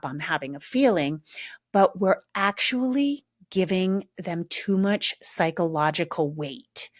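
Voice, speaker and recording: A middle-aged woman hosting her own podcast, talking frankly and casually, with lots of asides and slow, emphatic stretches. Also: mid-range voice, no echo, clean studio sound. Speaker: podcast host. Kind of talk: casual solo podcast talk.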